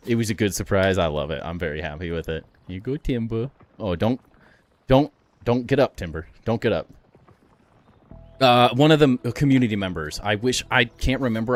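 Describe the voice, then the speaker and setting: A man's voice: on the low side, no echo. A man streaming a building game, talking casually with chat in a rambling way, laughing often and restarting his sentences.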